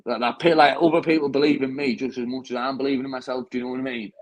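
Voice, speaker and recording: A loud crowd surrounds a young British bare-knuckle fighter as he talks rapid-fire after his fight, his medium-pitched voice steady in tone. He rambles, restarts and says "mate" constantly, on a low-quality recording.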